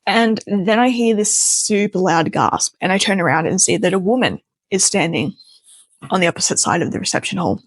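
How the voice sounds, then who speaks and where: In a medium-pitched voice at a normal pace, a young woman chats casually through a wild personal story, animated as she acts out the voices of the people in it. The recording has no room sound.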